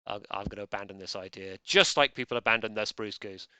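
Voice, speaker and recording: A man's voice: on the low side, fast talker, sharp tone, clean tone, no echo. A man hosting a live online quiz, joking drily and rambling. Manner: dry, rambling, self-deprecating jokes. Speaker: quiz host.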